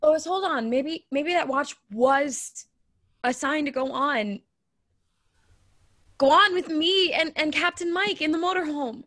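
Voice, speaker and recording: A woman's voice: sits high, unhurried, fairly bright tone. A woman voicing a hesitant young wife who stumbles over her words, read over a video call. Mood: pleading. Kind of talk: Zoom play reading.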